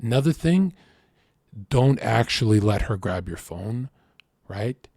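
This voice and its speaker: A man's voice: fairly low pitch, lively intonation, slow, darkish tone, no echo, studio quality. Brash, profane man streaming. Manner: rambling, acts out dialogue. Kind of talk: livestream reaction, reading chat aloud.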